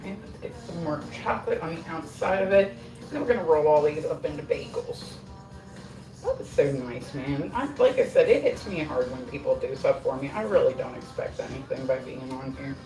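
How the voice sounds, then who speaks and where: A middle-aged woman chats away on a home livestream, self-deprecating and loose with her swearing. Her voice sits on the low side and comes from a little way off the mic. Her kitchen sounds roomy, with music playing underneath. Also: lively intonation, brisk. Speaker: livestream host. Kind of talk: casual livestream chat while baking. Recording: roomy echo, mic at a distance.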